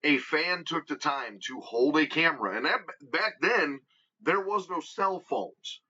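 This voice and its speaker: A man with a Midwestern American accent, guest on a podcast, telling stories in an animated, emphatic way and acting out what others said. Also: fairly high pitch, measured pace, husky. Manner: animated storyteller, emphatic, acts out quotes. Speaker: guest wrestler. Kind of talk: casual storytelling interview. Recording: dull lo-fi podcast audio.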